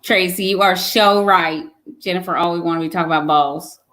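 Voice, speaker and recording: A young pregnant woman with a fairly low, slightly bright voice keeps a steady tone at a brisk pace. As host of a casual live chat, she reads comments and teases viewers in a playful way, laughing frequently.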